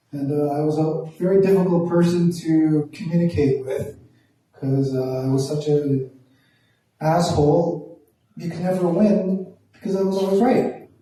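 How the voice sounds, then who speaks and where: A man from Toronto telling a profane, animated stand-up story, acting out the voices in quotes. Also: fairly high pitch. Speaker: stand-up comedian. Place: small performance room. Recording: echoey room from far off.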